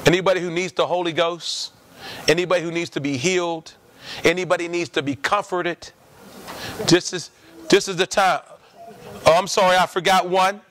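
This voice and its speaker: A man's voice: sits high, fairly even intonation, moderate pace, long pauses, a bit bright. A man preaching a sermon to a church congregation, emphatic and repeating his lines, asking the people questions.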